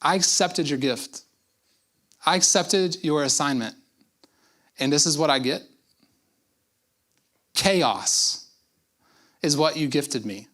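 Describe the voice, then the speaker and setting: A man's voice: a little high, slow, long pauses, fairly bright tone. A man preaching a sermon, voicing Joseph as an exasperated young husband pleading with God.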